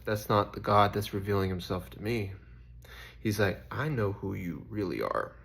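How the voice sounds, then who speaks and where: A man's voice: on the low side, moderate pace, creaky, a bit bright. A young man in a casual, reflective faith vlog, rambling and questioning himself with lots of fillers. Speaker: faith vlogger.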